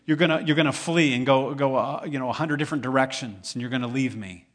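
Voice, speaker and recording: A man voicing a calm, earnest male teacher who speaks directly to his followers, in a sermon retelling. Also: mid-range voice, quick pace, close to an everyday voice.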